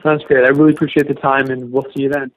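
A man's voice: mid-range voice, level tone, fast. A man from Canada, a musician, answering interview questions casually in a rambling way with many fillers and restarts. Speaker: musician guest. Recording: dull lo-fi line.

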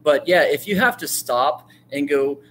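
A man teaches storytelling to a class in an animated, chatty way, acting out quotes and throwing questions to the room. His voice sits a little high. A faint hiss runs under the recording. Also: a little slow. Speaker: writing teacher. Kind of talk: lively classroom talk on storytelling.

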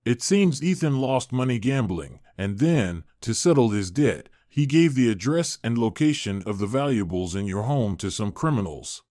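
A man voicing a calm family lawyer. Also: medium pitch, moderate pace, few pauses, dry recording, clean studio sound, lightly acted.

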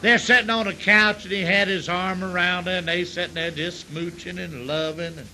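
A man's voice: sits high, steady tone, moderate pace, pushed and bright, slight background noise, poor audio. A tipsy man telling crude jokes in a rambling, profane way, often repeating himself. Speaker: stand-up comedian.

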